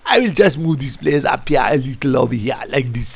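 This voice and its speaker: A man coaching football, reviewing a match over a tactics board in an animated, rambling way. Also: medium pitch, brisk, gravelly, breathy edge. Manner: animated, rambling, keeps saying "I tell you". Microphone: computer mic. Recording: lo-fi screen recording.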